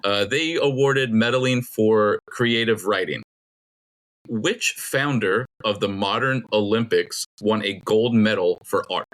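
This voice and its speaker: Male trivia host, middle-aged, low-set voice, chatty and rambling, reads clues deliberately. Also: fairly bright tone. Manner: rambling, laughs often, reads clues slowly. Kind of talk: casual podcast quiz hosting.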